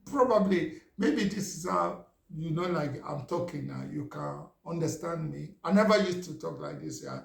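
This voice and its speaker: Nigerian guy chatting away, kinda high gravelly voice, echoey room. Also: big pitch swings, normal speed, few pauses. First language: Yoruba. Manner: chatty, repeats "you understand?". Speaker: vlogger. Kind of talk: casual storytelling monologue. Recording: roomy echo.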